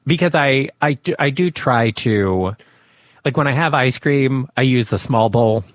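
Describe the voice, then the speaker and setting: A man co-hosting a casual talk show, relaxed and chatty. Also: mid-range voice, a little slow, no echo. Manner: laid-back, short agreeing replies. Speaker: co-host. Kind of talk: casual chat.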